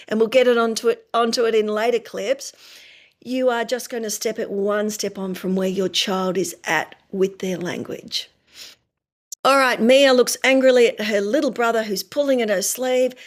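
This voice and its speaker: A woman speech pathologist giving an instructional talk to parents, explaining step by step and acting out examples in a sing-song voice. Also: mid-range voice.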